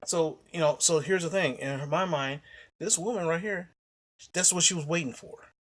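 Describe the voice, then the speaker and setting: A man's voice: fairly high pitch, normal speed, a bit bright. A man vlogging, telling a personal story in a casual, rambling way, blunt and full of swearing, often restarting his sentences.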